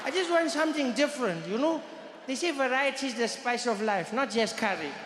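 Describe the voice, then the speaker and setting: A man doing a young schoolboy who lets out high, shrill cries of exasperation at his lunch. The voice rings out through an echoey hall with a long tail of reverb. It is a live stand-up bit. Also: animated, brisk, background noise. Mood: weary. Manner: shrieking high outbursts.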